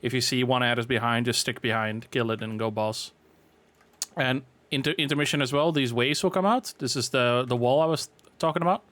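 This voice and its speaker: A man's voice: mid-range voice, a little fast, no room sound. A man casually walking through a raid boss fight as a game guide, explaining at an easy pace with frequent fillers. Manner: relaxed, filler-heavy explaining.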